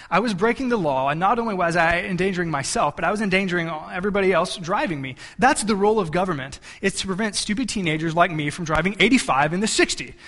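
Male pastor, slightly high voice, self-mocking storyteller, sermon in a reverberant hall. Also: fairly bright tone.

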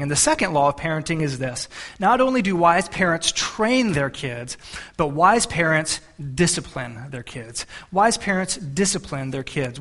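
A man's voice: a little high, fairly bright tone. A man in his thirties, a pastor delivering a sermon in an earnest, conversational way with frequent restarts.

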